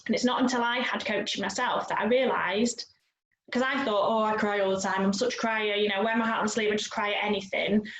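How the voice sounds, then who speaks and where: A woman's voice: medium pitch, steady tone, a little fast, a bit bright, a little hiss or hum. A woman hosting an interview as a coach, talking reflectively and at length with many asides. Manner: reflective, talkative, frequent "you know". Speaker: host and coach. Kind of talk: conversational interview. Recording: echoey room.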